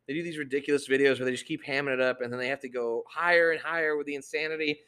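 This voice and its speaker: A young man hosting a casual podcast, swearing constantly and ranting with loud outbursts. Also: mid-range voice, steady tone, rapid-fire, clear, resonant tone. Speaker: podcast host.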